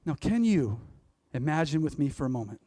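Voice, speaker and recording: Speaking straight to the crowd in a motivational stage talk, this man chuckles at his own jokes. His somewhat high, dark-toned voice swings widely in pitch and moves fairly quickly, recorded without echo.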